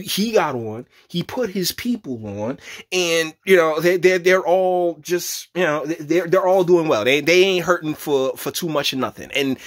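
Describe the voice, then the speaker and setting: A man's voice: animated, unhurried. Rambling, stammering male commentator. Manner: rambling, stammering restarts, laughs into high squeals. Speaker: YouTube commentator. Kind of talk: casual reaction commentary.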